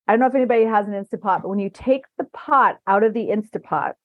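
A woman hosting a casual podcast chat, wandering from one anecdote to the next and laughing often. Her voice sits at an ordinary middle pitch. The recording is dull and lo-fi, with a dead, dry sound. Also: fast, dry recording. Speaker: podcast host.

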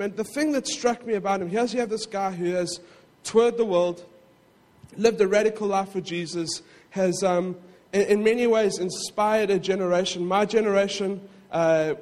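A man preaching a sermon in a conversational way, with frequent asides to the congregation and quick self-corrections. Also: sits high, a little mellow, in a large hall. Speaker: pastor.

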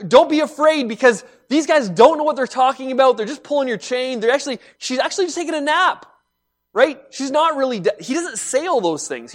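Male pastor, sermon, fairly high pitch, animated emphasis, quiet asides.

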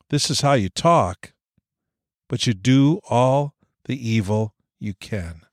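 A man's voice: mid-range voice, animated, slow pace, no room sound, studio quality. A man speaking as a pastor in an earnest, searching sermon, reading scripture aloud with rising emphasis.

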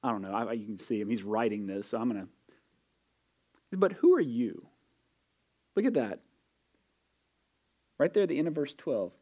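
A man's voice: medium pitch, expressive, moderate pace, pauses often, dark tone, highs cut off. A man preaching a sermon as pastor, conversational and emphatic, with casual asides to the congregation. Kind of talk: expository sermon.

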